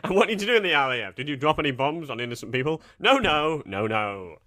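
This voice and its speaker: A man's voice: a little high, lively intonation, very fast, bright, forceful tone. A British man co-hosting a podcast, teasing and sarcastic in casual chat. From Britain. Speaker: podcast co-host.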